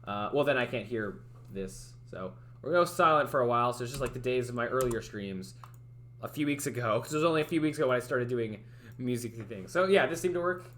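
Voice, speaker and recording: A man's voice: medium pitch, animated, fast, a bit bright, a little hiss or hum. Rambling young man streaming live. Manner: rambling, hesitant, full of fillers and restarts. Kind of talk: casual livestream chat. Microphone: headphones with a desk mic.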